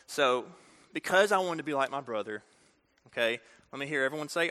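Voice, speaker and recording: A man preaching a storytelling sermon, talking directly to the audience in an animated way. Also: a little high, moderate pace, pauses often. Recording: reverberant hall.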